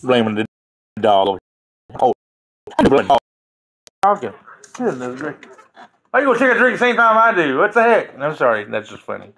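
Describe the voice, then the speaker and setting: A man's voice: fairly high pitch, sing-song, moderate pace, long pauses, fairly bright tone. Laughing, rambling man on a livestream. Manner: joking, laughing often, rambling. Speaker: livestream host chatting with viewers. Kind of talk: casual livestream chat.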